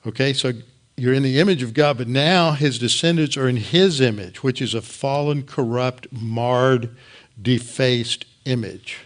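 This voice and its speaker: A man's voice: mid-range voice, unhurried. Earnest male Bible teacher. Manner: earnest, repeats words for emphasis, restarts. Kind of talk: recorded Bible lesson.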